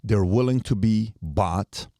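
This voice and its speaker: Man, forties, podcast guest: energetic storyteller who voices every quote, low mellow tone, dry close sound. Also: slow, no room sound. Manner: animated storyteller, acts out quoted lines.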